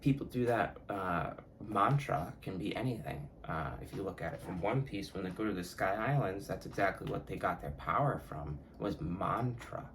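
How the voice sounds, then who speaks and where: A man with a low, gravelly voice hosts his own podcast and drifts from thought to thought. He swears freely and often catches and fixes his own words. A faint room hum sits behind him. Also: lively intonation, normal speed, hardly any pauses, fairly bright tone. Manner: rambling, profane, self-correcting. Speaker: podcast host. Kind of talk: casual solo podcast talk.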